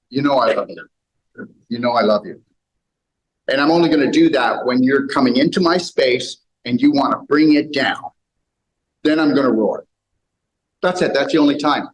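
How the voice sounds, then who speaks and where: Animated man lecturing a live audience. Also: fairly high pitch, poor audio. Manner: animated, preachy, swings between loud and quiet. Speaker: health speaker. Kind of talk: seminar talk to a live audience. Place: room with audience.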